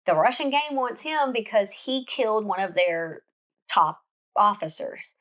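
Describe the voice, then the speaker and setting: Woman host, mid-pitched, chatty storyteller recapping a book plot. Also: expressive, unhurried, a bit bright. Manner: chatty storytelling with frequent restarts.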